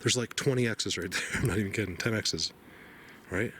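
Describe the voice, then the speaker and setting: A man vlogging outdoors in a snowy forest, emotional and awed, rambling and sometimes dropping to a hushed voice. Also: fairly low pitch, a little fast, a little hiss or hum. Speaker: vlogger exploring the woods. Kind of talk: excited outdoor vlog narration.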